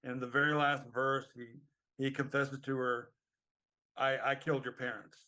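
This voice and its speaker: A man's voice: medium pitch, little pitch movement, moderate pace, sharp tone. Hesitant middle-aged man chatting. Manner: rambling, hesitant, many ums. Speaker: podcast co-host. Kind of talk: casual chat.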